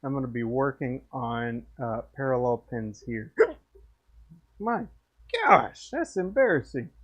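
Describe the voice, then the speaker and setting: A man's voice: medium pitch, sing-song, slow pace, highs cut off. A man signing off his workshop live stream in a rambling, friendly way, tipsy and hiccuping. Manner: rambling, friendly, slurs thoughts. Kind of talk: casual live-stream sign-off chat.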